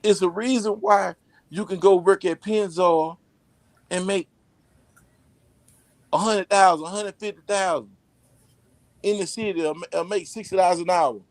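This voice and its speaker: Male podcast host, profane and animated. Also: high-pitched, moderate pace, long pauses, no echo. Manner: loose, rambling delivery with restarts. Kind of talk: casual podcast chat.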